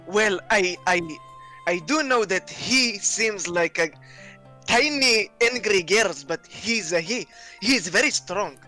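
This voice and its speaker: A man's voice: high-pitched, expressive, slow pace, sharp tone, faint music behind. A chatty man talking in character as a player at a tabletop game, often stumbling over his words.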